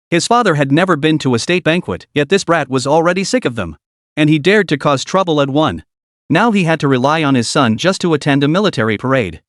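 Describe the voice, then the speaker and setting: A man with a fairly high voice for a male narrates a dramatic story in a steady, even reading tone. The recording is dry and close, with no room sound or echo.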